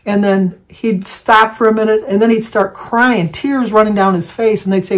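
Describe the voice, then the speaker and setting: An older woman telling a family story in a loose, chatty way, stopping and restarting mid-sentence. Her voice sits at an ordinary middle pitch, and she talks like she is sharing memories with friends. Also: a little fast. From Michigan, United States. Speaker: vlogger. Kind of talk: casual storytelling.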